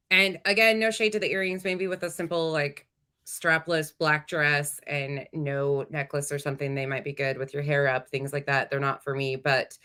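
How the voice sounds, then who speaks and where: A woman with a low voice hosts a reaction commentary. She talks bluntly and casually, with plenty of fillers. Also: pushed and bright. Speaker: commentary host.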